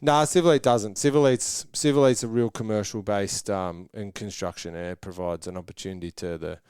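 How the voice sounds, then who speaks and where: Low smooth Australian man, rambling stories. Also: steady tone, fairly quick, a little mellow, dry recording, clean studio sound. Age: 30s. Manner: rambling storytelling with voiced quotes. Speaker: guest, track builder. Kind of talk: casual podcast interview.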